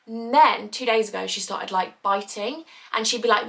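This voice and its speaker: A woman's voice: mid-range voice, steady tone, brisk, vocal fry, few pauses, sharp tone. A young mother chatting casually and openly, emotional and confessional as she talks. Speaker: vlogger. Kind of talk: casual chat.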